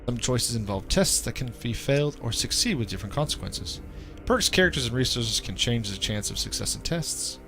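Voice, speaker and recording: A man's voice: medium pitch, lively intonation, a little fast, vocal fry, over music. A man streaming a game, reading its story text aloud and adding casual remarks of his own. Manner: reads narration evenly, then breaks off into chatty asides.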